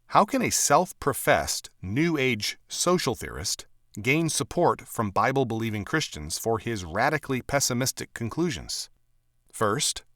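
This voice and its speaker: Lively, dry-voiced man reading aloud. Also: mid-range voice, no echo. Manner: measured, emphatic reading with clear quote markers.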